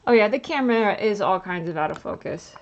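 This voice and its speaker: A tired woman livestreaming as she inks a drawing, chatting in a rambling, relaxed way with lots of filler words. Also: medium pitch, fairly quick. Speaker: livestreaming artist. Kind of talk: casual chat while inking a drawing. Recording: dull lo-fi sound.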